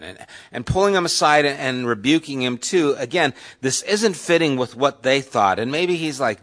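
A man's voice: medium pitch, animated, moderate pace, fairly bright tone. A man teaching a Bible study class in a conversational way, putting questions to the group.

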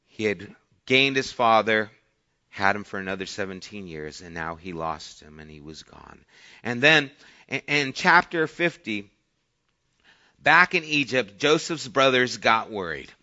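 A man preaching a sermon who reads scripture aloud and explains it conversationally, swinging between soft asides and emphatic points. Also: lowish voice, expressive, measured pace, lo-fi sound. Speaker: pastor.

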